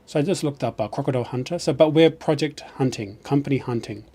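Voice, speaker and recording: A man's voice: medium pitch, fast talker, warm tone, breathy edge. A man from New Zealand with a New Zealand accent, chatting casually on a live stream in a rambling way and often restarting his sentences.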